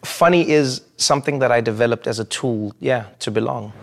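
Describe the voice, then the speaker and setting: A man, answering interview questions, an animated storyteller. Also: medium pitch, a little fast, gravelly, a little hiss or hum. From South Africa. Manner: animated storyteller who acts out quotes. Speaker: interview guest. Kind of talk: reflective interview answers with humor.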